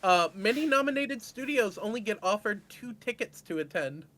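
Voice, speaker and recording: Man, high-pitched voice, podcast guest, casual chat, chatty, a bit hesitant. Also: expressive, normal speed, bright, forceful tone.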